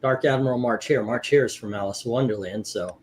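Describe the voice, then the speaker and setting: A man's voice: medium pitch, brisk, slight background noise. A man hosting a casual livestream, reading out viewer scores with many fillers and hesitations. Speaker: host.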